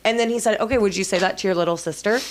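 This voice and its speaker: A woman in her thirties co-hosting a casual motivational chat, with chatty, animated storytelling. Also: mid-range voice, rapid-fire, a little hiss or hum. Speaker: co-host.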